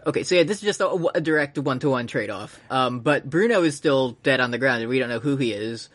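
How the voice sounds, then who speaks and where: A man's voice: medium pitch, expressive, fast, fairly bright tone. A man co-hosting a casual podcast, rambling playfully through an episode recap with silly asides. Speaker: podcast co-host. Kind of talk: casual anime recap chat.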